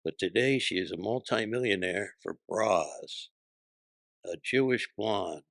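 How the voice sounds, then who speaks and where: A man's voice: lowish voice, a little slow, vocal fry, a bit bright, no room sound. An older man, a comedian guest, telling punchy, profane anecdotes and acting out voices in an interview. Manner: punchy, profane, acts out voices in his stories.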